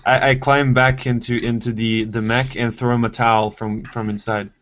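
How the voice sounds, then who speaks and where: A man's voice: medium pitch, little pitch movement, moderate pace, a bit bright, a little hiss or hum. A man playing a tabletop game, hesitant and stopping often to fill gaps. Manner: hesitant, many fillers. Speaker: player. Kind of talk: casual tabletop play. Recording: dull lo-fi dry recording.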